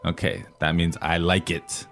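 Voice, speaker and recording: This co-host voices the learner on a scripted language-lesson podcast, asking prompting questions that frequently close with "right?". His voice is low and a bit bright, with a flat delivery and measured pace, and a faint music bed runs underneath.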